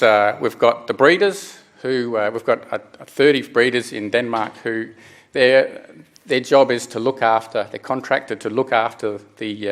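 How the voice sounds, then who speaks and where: A middle-aged man giving a technical conference presentation, speaking haltingly with frequent restarts and fillers. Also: medium pitch, fairly bright tone.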